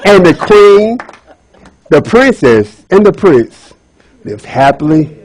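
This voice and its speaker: A man's voice: on the high side, slow pace, slight background noise, low-quality recording. A man giving a playful comic retelling of a fairy tale as a speech at a speaking club. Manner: animated, playful storyteller.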